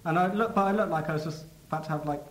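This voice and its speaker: Young man, rapid casual talker; echoey room. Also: a little high. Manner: quick and offhand, trailing off. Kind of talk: casual chat. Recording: roomy room echo.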